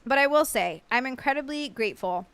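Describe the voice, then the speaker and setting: This American streamer has a high, animated voice and talks briskly, with a fairly bright, clear, resonant tone on a dry recording. She rambles casually, reads out messages from viewers, and curses now and then.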